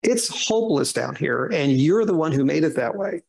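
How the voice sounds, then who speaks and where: Animated male Bible teacher. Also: a little high, normal speed, vocal fry, low-quality recording. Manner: conversational, reads scripture aloud with emphasis; sarcastic asides, animated questioning.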